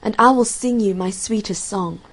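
A woman's voice: medium pitch, normal speed, slightly rough, rough recording. A woman voicing an ardent, tender nightingale. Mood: pleading. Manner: earnest, raised and ardent. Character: tender, devoted female nightingale. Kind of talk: storybook reading.

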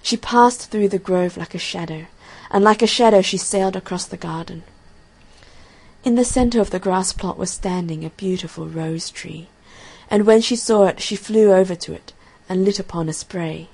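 A woman narrating a fairy tale in a soft, measured storybook reading. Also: medium pitch, creaky, husky. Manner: soft, measured narration, quieter than the dialogue.

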